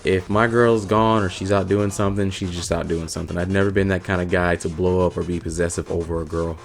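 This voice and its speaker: A man's voice: sits low, fast talker, creaky. A man vlogger telling a funny story from his past in a casual, blunt and profane way. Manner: profane, blunt, animated retelling.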